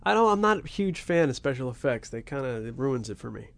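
A man's voice: mid-range voice, big pitch swings, fast, vocal fry, dry recording. Laid-back wry man co-host. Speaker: podcast co-host. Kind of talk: casual chat.

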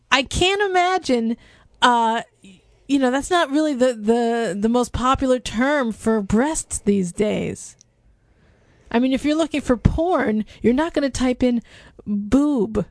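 A woman's voice: a little high, takes it slowly, no echo. A woman co-hosting a movie review podcast in casual, teasing chat. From United States. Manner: playful, teasing, laughs often. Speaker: podcast co-host.

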